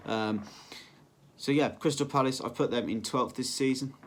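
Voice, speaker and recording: A man's voice: medium pitch, fairly quick, fairly bright tone. Male vlogger, casual and rambling, filler-heavy delivery. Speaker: football vlogger. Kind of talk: casual solo prediction vlog.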